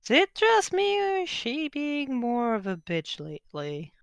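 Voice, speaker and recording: A blunt, irritable young man in a tabletop game, gossiping crudely about a friend, as the game master puts him on. He starts high and then drops into a low mutter, unhurried, with a dry, close sound. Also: huge pitch swings, gravelly, a bit bright, smooth, no echo, heavily acted. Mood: gossipy.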